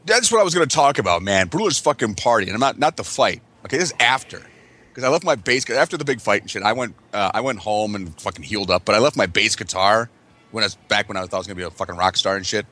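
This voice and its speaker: A man with a bright, forceful voice tells rowdy party stories to his friends. He swears constantly and laughs through his own tales. His energy keeps climbing as each story gets wilder. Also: lowish voice, quick pace. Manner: profane, laughing, excitable storytelling. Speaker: podcast regular. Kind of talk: casual storytelling among friends.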